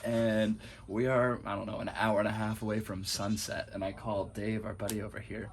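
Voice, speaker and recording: A man telling a road-trip story in a casual, animated way, laughing often as he talks. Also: lowish voice, normal speed, vocal fry. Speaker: support driver for a cross-country bike ride.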